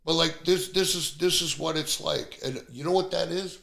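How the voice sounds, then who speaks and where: A man's voice: on the high side, normal speed, creaky, fairly bright tone. A middle-aged man from Canada, hosting a podcast and ranting bluntly with plenty of profanity in casual chat. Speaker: podcast host.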